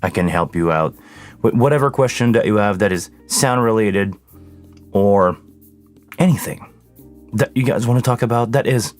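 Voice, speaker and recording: A man's voice: lowish voice, normal speed, pauses often, faint music behind. Chatty man hosting a stream. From Canada. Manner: chatty, greets viewers by name, jumps between thoughts. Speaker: live sound engineer hosting a Q&A stream. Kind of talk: casual live-stream chat. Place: home studio with mixing console.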